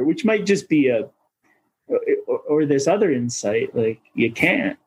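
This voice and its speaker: A man's voice: on the high side, animated, measured pace, slightly rough, poor audio. A man from Minnesota, a coach of coaches, talking as a podcast guest in a searching, philosophical way and swearing casually. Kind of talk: reflective podcast conversation.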